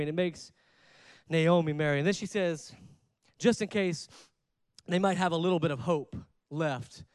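A man preaching a sermon, leading the congregation in call-and-response and swinging between loud stresses and quiet asides. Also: fairly high pitch, dry recording. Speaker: pastor.

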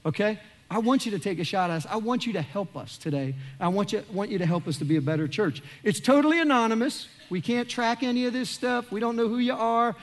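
A man, a pastor giving a joking, animated sermon in a large church. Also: high voice, quick pace, hardly any pauses. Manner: animated, joking, acts out quoted voices.

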